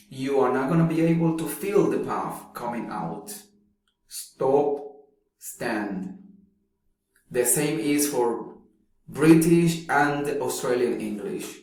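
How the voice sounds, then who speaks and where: A man's voice: on the high side, a little mellow. A man teaching a phonetics lecture, repeating words carefully to show how they are pronounced. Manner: slow, demonstrating pronunciations by repeating words. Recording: very echoey room.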